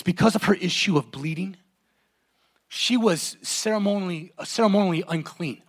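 Brief: man preaching a passionate sermon, high voice, talks straight to the congregation. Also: husky. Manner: impassioned, dramatic, calls to the congregation.

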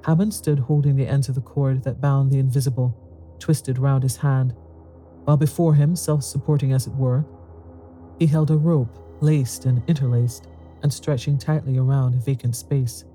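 A man reads a horror story aloud in a very dark, mellow voice at a middle pitch. His telling is intense and dramatic, and it climbs into fearful pleading when he speaks the dialogue. Faint music plays underneath. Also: steady tone, moderate pace. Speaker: audiobook narrator.

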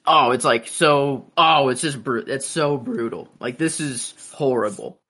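A man in casual chat, eager and restless, thinking out loud. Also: medium pitch, a little slow.

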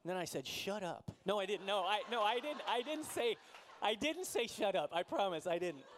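A man's voice: high voice, lively intonation, brisk, fairly bright tone, slight background noise. A man in his forties preaching a conversational sermon, telling a story about himself and laughing often. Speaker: pastor.

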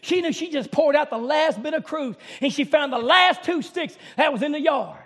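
A man preaching a revival sermon in church, shouting in a chanting, rising cadence. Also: very high voice, expressive, moderate pace.

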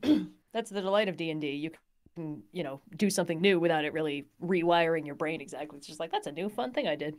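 A woman's voice: sits low, animated, fast. A woman trading dry, wry quips and game trivia in a casual podcast chat. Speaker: podcast player.

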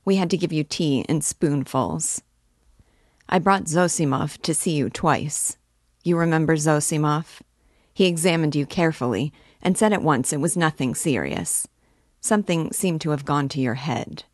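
A hearty young male student who takes charge and jokes as he talks, read by a woman. The voice sits low and the sound is dry and close. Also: moderate pace, no echo. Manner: hearty, bossy, joking.

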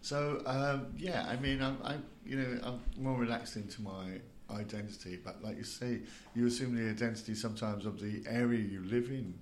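A man talking in a casual group conversation, relaxed and laughing easily, with plenty of loose fillers. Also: mid-range voice, normal speed, hardly any pauses, a little hiss or hum. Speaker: discussion participant.

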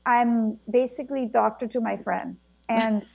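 A middle-aged woman from Argentina, a native Spanish speaker, tells her stories in a lively, meandering way. Her fairly high voice has a gravelly edge. The recording is dry and close, with little room sound. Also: unhurried, no echo, low-quality recording. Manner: animated storytelling with frequent restarts. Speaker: guest, vintner and physician. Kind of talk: conversational interview.

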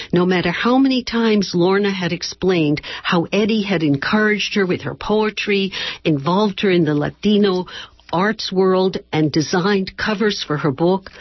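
A woman author reading her novel aloud slowly and measuredly, then chatting as a radio guest. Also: fairly low pitch, husky, dry recording, muffled recording. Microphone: radio studio microphone.

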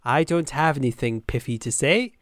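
A man's voice: medium pitch, lively intonation, normal speed, dry recording, clean studio sound. A man from Britain playing a tabletop game, chatting casually in a sweary, self-mocking way. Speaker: player. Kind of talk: casual chat.

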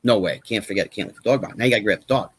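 A man's voice: on the low side, rapid-fire, husky. A man talking as a guest in a casual chat, emphatic and repetitive, firing off rhetorical questions.

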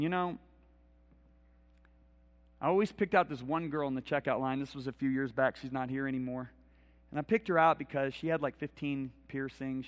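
Middle-aged man, preacher in a church, lively anecdotes, builds to loud appeals. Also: mid-range voice. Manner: storytelling, animated, rising to loud pleas. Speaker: minister. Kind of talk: sermon. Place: church hall.

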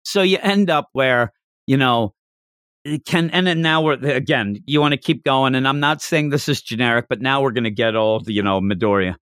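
A man in a casual chat reviewing a manga, animated and acting out quoted lines in voices. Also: medium pitch, moderate pace, smooth, no room sound, studio quality.

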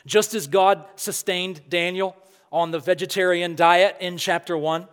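A man's voice: sits high, fairly even intonation, measured pace, a bit bright, clean tone. A male pastor giving a sermon, earnest and emphatic, piling up rhetorical questions. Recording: long hall reverb.

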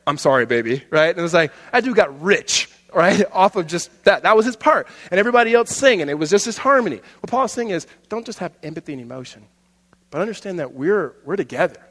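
A male pastor delivers a conversational sermon, his voice a little higher than most men's. He swings from loud bursts to hushed asides and laughs often. The sound carries a long reverb from a big hall. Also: lively intonation, fast talker.

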